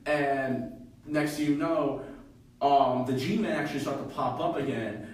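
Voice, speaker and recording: A man casually retelling a fan fiction story on a podcast, halting and full of fillers. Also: medium pitch. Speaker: podcast co-host. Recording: echoey room, from far off.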